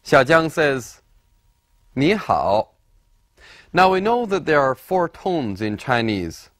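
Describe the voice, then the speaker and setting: Male teacher for scripted lesson narration: unhurried, deliberate, very animated intonation, dry studio sound. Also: on the high side, no room sound. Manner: deliberate, explanatory, models words by repeating them. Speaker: language teacher.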